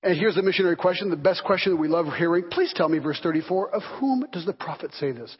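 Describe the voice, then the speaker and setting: Animated husky-voiced pastor preaching. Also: male voice, high-pitched, fast, hardly any pauses. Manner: animated storytelling, acting out voices. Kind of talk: sermon. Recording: dull reverberant hall recording.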